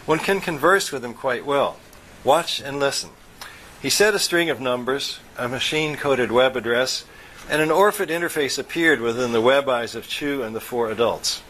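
A man reading a science-fiction story aloud in steady, even narration. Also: medium pitch, normal speed, a little hiss or hum, rough recording. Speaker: audiobook narrator.

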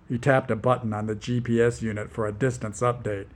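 A man narrating a story in a wry voice, dropping low and slow for quiet moments. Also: flat delivery. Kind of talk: storybook reading.

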